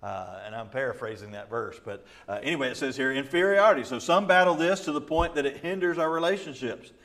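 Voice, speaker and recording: A man's voice: medium pitch, animated, fast talker, a bit bright. A middle-aged male pastor teaching a Bible study in a conversational way, with frequent fillers and repeats, often acting out quoted voices and laughing.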